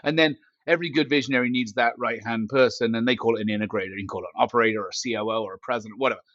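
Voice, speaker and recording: A man's voice: mid-range voice, racing, dry recording, lo-fi sound. A man talking as a guest on a podcast, telling stories with jokes and asides, heard through a mic built into his glasses. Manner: joking, animated storytelling with asides. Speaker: podcast guest, company CEO. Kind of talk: casual podcast chat. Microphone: headset mic built into glasses.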